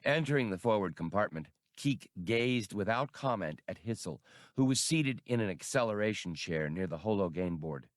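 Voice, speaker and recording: A male audiobook narrator with a low voice and a lively, varied delivery, telling the story in a measured way. The recording is dry and close. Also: no room sound. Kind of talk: scripted narration.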